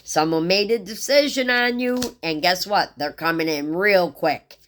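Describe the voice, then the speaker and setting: Middle-aged woman with a low voice, tarot reader, rambling and heartfelt vlog delivery. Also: a little slow, slight background noise. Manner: rambling, heartfelt, talks straight to viewers. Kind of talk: casual tarot reading vlog.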